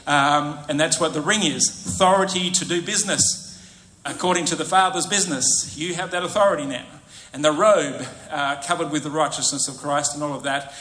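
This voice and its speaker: A male pastor delivers a lively sermon and keeps questioning his listeners. His voice sits a little high and sounds bright and forceful. It rings through an echoey church hall over a faint murmur of room sound. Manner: animated, asks the congregation questions.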